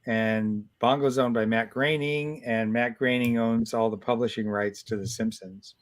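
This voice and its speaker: A man in his sixties, a guest comic artist, telling stories in a casual interview, animated and full of restarts. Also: mid-range voice, a little slow. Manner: animated storyteller, many restarts.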